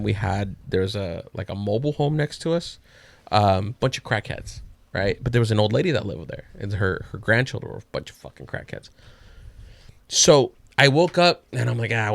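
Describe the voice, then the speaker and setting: A man with a low, gravelly voice tells a story on a podcast in loose, profane slang. The sound is dry and close, with no room around it. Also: dry recording. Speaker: podcast co-host. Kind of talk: casual storytelling.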